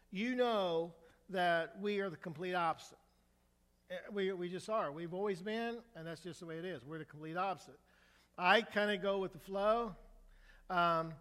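An older male pastor preaching a sermon in a relaxed, storytelling way, with humor, asking the congregation questions. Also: sits high, big-room sound. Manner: conversational storytelling with humor, asks the crowd for a show of hands. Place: church sanctuary.

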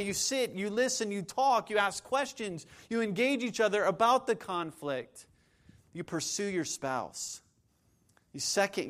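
A man preaching a sermon as pastor, building to forceful emphasis and acting out the objections of imagined listeners. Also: high-pitched.

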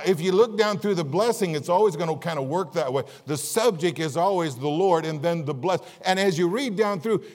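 A man preaching a sermon as pastor, folksy and jokey, with big swings between quiet asides and louder, higher bursts. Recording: long reverb of a large hall.

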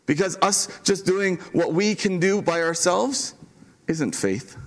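A man preaching a sermon to his church as pastor, earnest and emphatic, repeating key lines with dramatic pauses. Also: sits high, animated, fairly bright tone.

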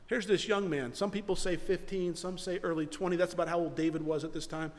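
A man preaching a sermon as pastor, animated and repeating his words as he presses a point. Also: high voice, fairly quick, big-room sound.

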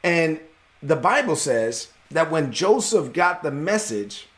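A man's voice: fairly high pitch, very animated, slow, a bit bright. A man preaching a sermon as pastor, emphatic and repetitive as he reads and explains scripture.

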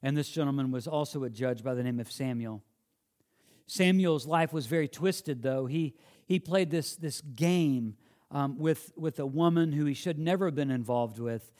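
A man's voice: mid-range voice, normal speed, a little mellow. A man preaching a sermon, earnest and emphatic, often restarting phrases as he quotes and explains scripture.

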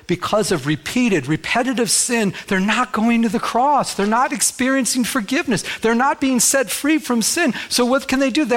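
A male pastor delivers an emphatic, exhorting sermon in church. His voice sits somewhat high for a man, and he drives his points home with repetition. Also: fairly bright tone.

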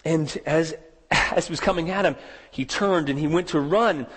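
A man's voice: fairly bright tone, husky. Preaching man in a reverberant hall. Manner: storytelling, rising pitch in dramatic moments, slowing on key words. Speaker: pastor. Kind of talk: sermon.

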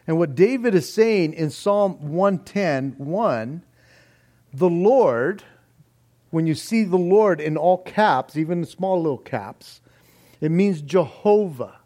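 Slow-speaking, earnest man preaching a sermon. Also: on the high side, expressive, dark tone. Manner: earnest, emphatic teaching with scripture reading. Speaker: pastor. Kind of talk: expository sermon.

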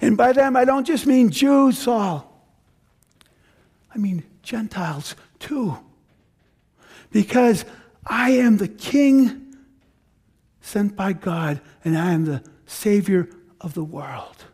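A man preaching as Jesus speaking to Paul, slow and declaring, lifting his voice. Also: darkish tone, husky, exaggerated voice. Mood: commanding. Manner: slow, declaring, raised pitch. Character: risen Jesus, man, commanding and tender.

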